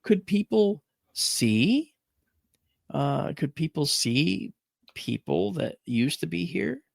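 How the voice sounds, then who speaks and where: A man's voice: a little high, animated, takes it slowly, gravelly, no echo, clean studio sound. A man hosting a talk show, chatting casually and telling rambling, emphatic stories. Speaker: radio show host. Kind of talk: casual storytelling chat.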